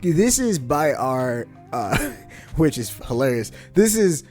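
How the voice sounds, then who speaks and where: A man co-hosting a casual podcast, quizzing his partner and acting out dramatic movie quotes. His voice sits a little high and swings widely in pitch, and he laughs often. Faint music plays underneath. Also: sing-song, slow pace, a little mellow. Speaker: podcast co-host. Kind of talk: casual podcast game chat.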